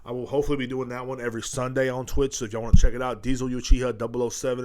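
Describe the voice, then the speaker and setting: A man's voice: mid-range voice, level tone, very fast, a little mellow. A man hosting his own podcast, rambling and joking with heavy profanity, recorded at home. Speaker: podcast host. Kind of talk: casual comedic rant. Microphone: studio headphones and mic.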